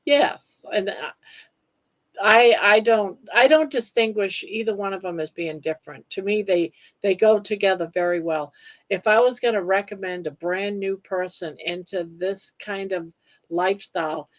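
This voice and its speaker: A woman's voice: medium pitch, moderate pace. A woman co-hosting a casual live chat, easygoing and full of fillers. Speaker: co-host guest. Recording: dull lo-fi audio.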